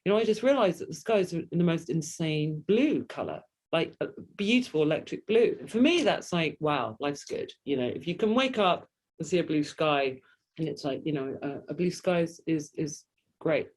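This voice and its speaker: A woman's voice: deep voice, normal speed. A woman with a London English accent, a guest chatting playfully and with animation in an interview over a video call. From England. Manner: animated, playful, self-deprecating. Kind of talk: casual interview chat.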